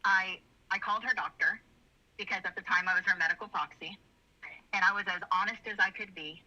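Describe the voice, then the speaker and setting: A woman's voice: medium pitch, fairly even intonation, a little fast, bright, forceful tone. A middle-aged woman telling a personal family story in an earnest, rambling way. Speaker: interview guest. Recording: slightly muffled video audio.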